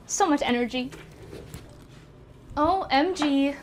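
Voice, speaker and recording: Young woman streamer, high bouncy voice, bubbly and scattered, chatting live from home. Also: lively intonation, takes it slowly, long pauses. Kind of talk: casual live-stream chat. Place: at home by a walking pad.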